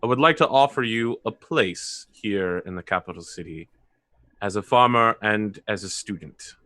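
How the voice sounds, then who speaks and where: A man voicing a stately noble ruler who speaks in formal, measured, courtly sentences. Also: on the low side, animated, bright, forceful tone, dry recording. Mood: gracious.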